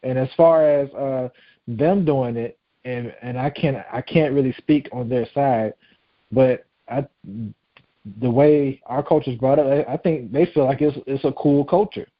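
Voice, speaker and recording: A man's voice: mid-range voice, a little slow, dry recording, muffled recording. A man in a casual group discussion, speaking earnestly and repeating words as he works through his thoughts. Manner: earnest, repeats words, says "you know what I'm saying". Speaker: discussion participant.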